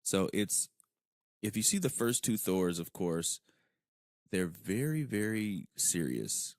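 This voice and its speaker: Low gravelly man, casual podcast chat. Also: slow pace, no room sound, studio quality. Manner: relaxed, profane, trailing off quieter at phrase ends. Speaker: podcast co-host.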